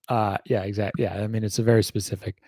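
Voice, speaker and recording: A lowish American man drawls through a casual livestream Q&A at an unhurried pace. He rambles wryly, swears now and then, and leans on plenty of ums. The sound is close and dry. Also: darkish tone, slightly rough, no echo. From United States. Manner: rambling and wry, heavy on fillers, swears casually. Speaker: YouTuber hosting a livestream Q&A.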